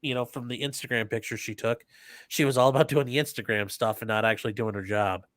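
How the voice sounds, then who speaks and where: Rambling American podcast host, very dry sound. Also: male voice, mid-range voice, fast talker, no room sound. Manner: rambling, animated, many restarts. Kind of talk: casual chat.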